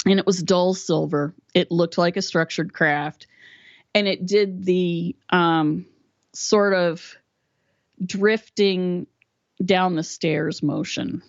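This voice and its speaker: A woman's voice: fairly low pitch, takes it slowly, dry recording, lo-fi sound. A woman from West Virginia, a podcast guest, telling a story and acting out the dialogue with energy. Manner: animated storyteller who acts out quoted dialogue. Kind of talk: storytelling in a casual interview.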